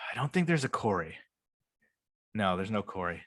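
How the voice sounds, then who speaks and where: Low-voiced man rambling and swearing. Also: sing-song, a little slow, a bit bright, dry recording, studio quality. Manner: loose and rambling, swears a lot. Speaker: podcast co-host. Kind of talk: casual chat.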